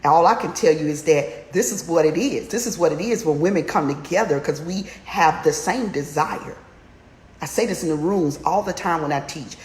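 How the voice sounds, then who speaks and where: A woman coaching a women's challenge in a motivational livestream talk, urging listeners on with fiery, repetitive exhortations that climb to near-shouts. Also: fairly low pitch. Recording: roomy echo with faint background noise.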